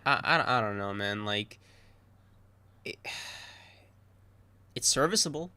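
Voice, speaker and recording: Bright-voiced young man, playful and slangy. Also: on the low side, lively intonation, slow, clean tone. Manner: playful, slangy, calls people bro. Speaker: podcast co-host. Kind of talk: casual chat.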